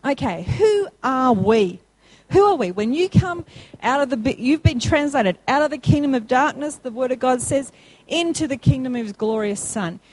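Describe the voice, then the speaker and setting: A woman preaching a sermon, emphatic and repetitive, climbing to excited high peaks when she calls out to the congregation. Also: normal speed, poor audio. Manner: emphatic, rising to high call-and-response peaks.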